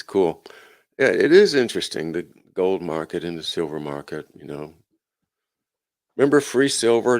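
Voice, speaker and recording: A male host of a live chat show, reading news aloud and adding sardonic, chuckling asides with frequent "uh"s and restarts. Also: low voice. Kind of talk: casual livestream commentary, reading news aloud.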